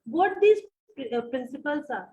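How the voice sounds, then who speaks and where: High-voiced woman with an Indian English accent lecturing online. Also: animated, normal speed, darkish tone, dull audio, a little hiss or hum. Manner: repeats phrases, many fillers, asks the class questions. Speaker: university lecturer.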